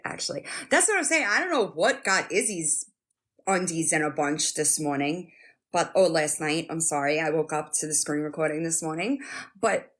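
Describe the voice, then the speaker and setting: A woman chatting casually to viewers on a live stream from her phone, animated and swearing, often laughing. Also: sits low, creaky.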